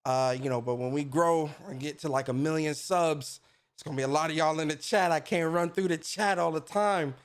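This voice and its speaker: A man's voice: fairly high pitch, a little fast. Slangy upbeat man hosting a stream. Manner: laid-back slangy shout-outs, lively. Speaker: podcast host. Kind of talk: casual livestream chat.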